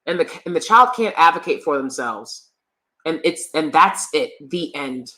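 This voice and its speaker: A woman's voice: deep voice, lively intonation, normal speed, pushed and bright. Emphatic woman vlogging casually. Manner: conversational, emphatic, sprinkled with "you know" and "right"; repeats lines for emphasis. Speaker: channel host. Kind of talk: casual commentary vlog.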